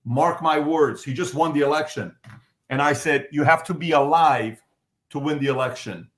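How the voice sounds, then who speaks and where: Guy hosting a panel, urgent and pushy, voice a bit high, echoey room. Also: normal speed, a bit bright. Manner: urgent, emphatic, leading the discussion. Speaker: podcast host. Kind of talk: panel discussion.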